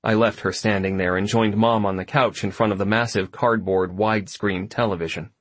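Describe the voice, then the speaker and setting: A man narrating a first-person story audiobook in a reflective, even manner. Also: lowish voice, fairly quick, dry recording.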